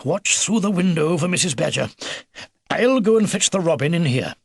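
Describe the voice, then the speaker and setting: A man voicing an elderly male beaver, a steady, fatherly grandfather who breaks his orders with small hesitations. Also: fairly high pitch, moderate pace, vocal fry, breathy edge, dry recording, studio quality, heavily acted. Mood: urgent.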